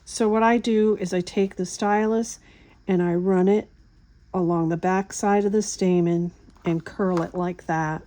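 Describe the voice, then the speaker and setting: Slow, mellow-voiced woman demonstrating crafts. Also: fairly low pitch. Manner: relaxed, chatty step-by-step explaining. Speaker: craft tutorial host.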